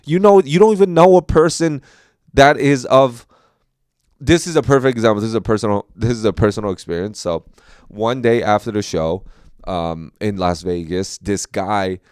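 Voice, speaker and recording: A young man, a comedian hosting a podcast, talking in a casual, rambling way with many fillers and animated jumps in pitch. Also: normal speed, smooth, no echo, studio quality.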